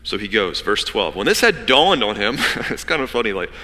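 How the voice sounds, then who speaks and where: Male pastor, animated sermon storyteller; bright, forceful tone, lots of pitch movement, big hall echo. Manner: animated storytelling, acting out characters in quick asides.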